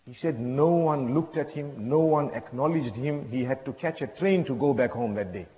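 Speaking at a moderate pace in a medium-pitched voice, a man preaches a sermon built on stories, repeating himself fervently and scattering religious phrases throughout. It was captured in an echoey hall with dull, low-fidelity audio.

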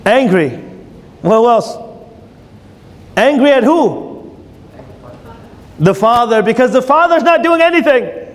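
A man's voice: very high-pitched, animated, slow, long pauses. A man giving a sermon, telling a story and asking his listeners questions. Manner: storytelling, asks the audience questions. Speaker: preacher. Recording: long hall reverb.

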